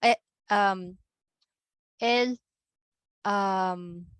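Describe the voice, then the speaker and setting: A woman's voice: mid-range voice, extremely slow, clear, resonant tone, dry recording. A woman with a Filipino accent teaching a Spanish class online, patient, mixing English with Tagalog and checking often whether students follow.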